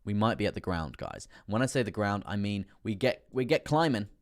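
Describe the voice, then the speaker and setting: A crypto livestream host chats casually through price charts, laughing often and repeating his words. His voice is on the low side, expressive and brisk.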